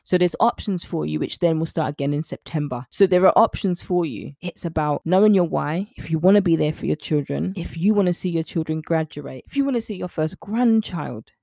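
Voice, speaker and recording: A woman's voice: low-pitched, fairly quick, gravelly, hardly any pauses, warm tone, no room sound, clean studio sound. A woman, a young adult weight-loss coach talking on her podcast in an earnest, encouraging, rambling way. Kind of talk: casual motivational podcast talk.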